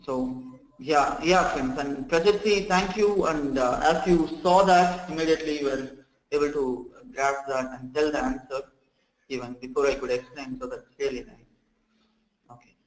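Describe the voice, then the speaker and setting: A man running a live software training session, explaining step by step, often saying "okay" and "friends" and restarting sentences. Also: mid-range voice, normal speed, reverberant, rough recording.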